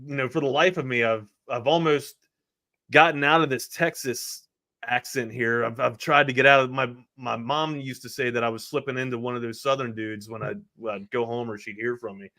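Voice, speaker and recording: A man's voice: medium pitch, steady tone, fairly quick, bright, forceful tone, no room sound. A man with a Baltimore accent co-hosting a casual sports talk show, rambling and joking, often repeating his words.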